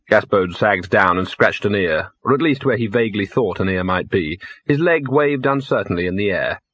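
A man narrating a fantasy audiobook in a measured, wry storytelling manner. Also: mid-range voice, slightly rough, no echo. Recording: dull lo-fi dry studio recording.

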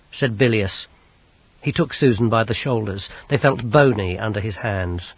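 A man narrating an audiobook in a measured, dry delivery. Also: fairly low pitch, breathy edge, dry recording, muffled recording. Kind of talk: scripted narration.

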